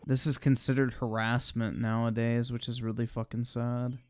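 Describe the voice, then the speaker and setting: A man's voice: mid-range voice, little pitch movement, moderate pace, slight background noise. A young man giving blunt, profane live-stream commentary while he watches videos.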